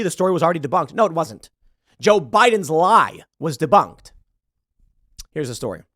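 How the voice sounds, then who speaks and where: A man's voice: fairly high pitch, no echo, clean studio sound. A man hosting a political commentary show, talking bluntly and heatedly, swearing and restarting sentences. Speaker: show host.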